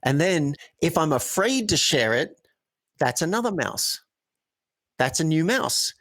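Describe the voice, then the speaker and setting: An earnest man speaking as a coaching guest, walking through stories and acting out how he would phrase things. His voice sits in a middling pitch. The sound is close and dry. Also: sing-song, measured pace, fairly bright tone, no room sound. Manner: earnest, storytelling, acts out example phrasings. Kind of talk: conversational interview.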